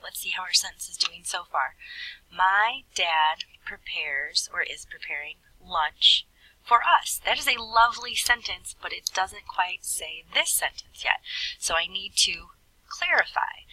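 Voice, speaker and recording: Teacher type: woman with a low, bright-edged husky voice, patient step-by-step explainer, recorded at a distance on a computer mic. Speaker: Spanish teacher. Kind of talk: recorded classroom lesson with screen writing.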